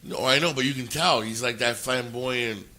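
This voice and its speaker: A man with a bright, forceful voice sits at a desk mic for a casual podcast. He tells stories bluntly and swears all the time, acting out what people said to him. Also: mid-range voice, moderate pace. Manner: profane, blunt, quotes people in his stories. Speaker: podcast co-host. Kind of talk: casual chat, storytelling.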